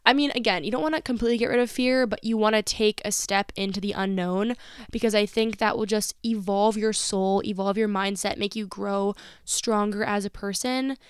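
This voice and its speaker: Candid young woman podcaster, clear dry voice. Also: medium pitch, steady tone, normal speed, no room sound. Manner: candid, motivational, uses slang and swearing. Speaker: podcast host. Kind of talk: casual solo podcast talk.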